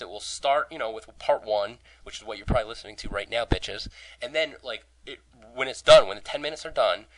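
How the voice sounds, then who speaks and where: Hoarse young man hosting a podcast. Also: mid-range voice, fairly bright tone, rough recording. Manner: rambling, profane, joking, many restarts. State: hoarse, lost voice. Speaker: podcast host. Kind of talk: casual podcast chat.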